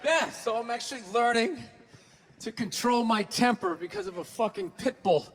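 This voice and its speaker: A man doing a stand-up comedy routine on stage, ranting profanely and breaking into shouts. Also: very high-pitched, animated, moderate pace, vocal fry, slightly rough. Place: large venue on stage. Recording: hall reverb with faint ambience.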